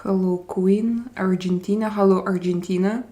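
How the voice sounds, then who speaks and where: A woman's voice: mid-range voice, steady tone, warm tone. A woman from Russia, hosting a casual live-stream chat and greeting viewers by name while switching between English, Spanish and French. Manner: unhurried, drawn-out phrasing.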